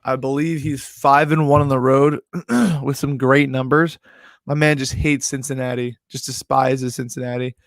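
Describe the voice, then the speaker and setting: A young man tells a long, rambling story as a sports betting host, filling his talk with "like" and "yo". His voice sits at an ordinary middle pitch. The sound is dry and close, with no room around it. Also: moderate pace, gravelly, no echo. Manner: rambling, animated storyteller full of "like". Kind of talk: casual storytelling recap.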